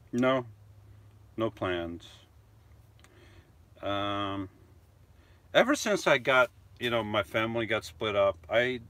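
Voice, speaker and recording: Slow, rambling middle-aged man on a live stream. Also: mid-range voice, a bit bright, no echo. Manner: rambling, self-mocking, with frequent fillers and chuckles. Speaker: vlogger hosting a live stream. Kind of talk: casual live-stream chat, reading viewer comments.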